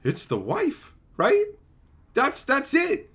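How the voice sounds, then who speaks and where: A man's voice: high-pitched, big pitch swings, normal speed, sharp tone. Rowdy, crude male streamer. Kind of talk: casual live-stream banter.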